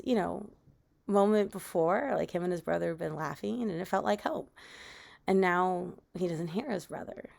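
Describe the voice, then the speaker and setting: A young adult woman telling a spooky story in a casual, chatty way, sinking to a hushed whisper at the scary parts. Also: on the low side, creaky. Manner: conversational, with fillers, dropping to a whisper at tense moments.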